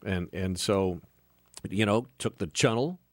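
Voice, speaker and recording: A man's voice: on the low side, a little slow, no echo. A man co-hosting a casual chat show, rambling through dry jokes. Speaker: co-host.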